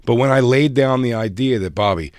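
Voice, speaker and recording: A man in casual podcast chat spins an animated story, slipping into voices for the people in it. His voice sits in a middle pitch and is recorded close and dry, with no room sound. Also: fairly quick, no room sound. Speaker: podcast co-host.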